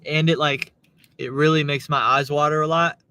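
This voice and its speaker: A man's voice: a little high, level tone, moderate pace, pushed and bright, slight background noise. A tired man, a delivery driver, chatting casually from his car on a livestream and reading viewer comments aloud. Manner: laid-back, muttering, thinks aloud. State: tired, yawning.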